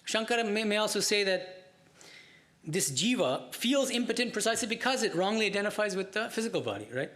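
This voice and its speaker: A man giving a scripture class lecture, explaining in a measured way and asking rhetorical questions. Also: high-pitched, lively intonation, fairly bright tone. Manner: slow chanting of Sanskrit verses. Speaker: Vedanta teacher.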